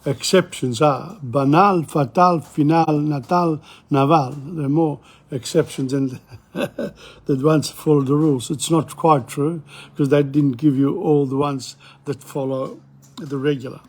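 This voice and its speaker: Older male teacher, gravelly, husky, a little high-pitched, repeats words for practice, opinionated asides. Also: steady tone, unhurried. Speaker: language teacher. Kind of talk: informal video lesson. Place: bookshop.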